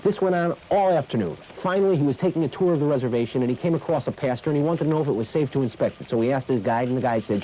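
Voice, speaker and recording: A man hosting a mock news segment, telling old jokes with a dry, measured delivery. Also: medium pitch, warm tone, a little hiss or hum, low-quality recording. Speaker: comedian host.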